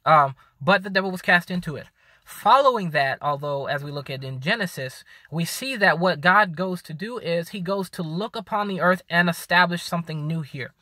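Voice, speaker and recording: Tired, rambling man with a bright voice. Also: high voice, moderate pace, no room sound. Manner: rambling, with many ums and restarts. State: tired and hiccuping after the gym. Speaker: video host. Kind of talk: casual talk to camera.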